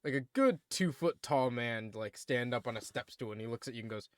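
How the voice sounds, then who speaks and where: A man's voice: mid-range voice, brisk, few pauses, clear, resonant tone, dry recording, studio quality. A man narrating a tabletop game as game master, often hesitating with ums.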